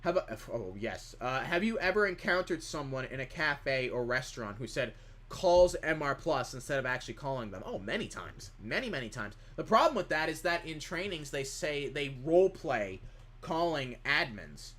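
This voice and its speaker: Lively, bright-voiced male streamer. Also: mid-range voice, moderate pace. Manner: rambling, reads chat questions aloud and answers them. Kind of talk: casual live-stream chat.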